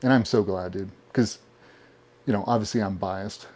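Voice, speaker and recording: A man being interviewed, telling animated stories casually with plenty of swearing. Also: fairly low pitch, normal speed. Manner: profane, animated storyteller. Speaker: podcast guest.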